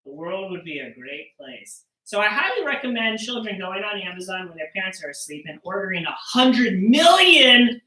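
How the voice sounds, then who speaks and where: A woman's voice: lowish voice, very animated, brisk, few pauses, bright, forceful tone, a little hiss or hum. A woman performing and teaching percussion storytelling to children over a live stream, in a playful, joking way. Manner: playful, jokey, talking to kids. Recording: roomy sound, mic at a distance.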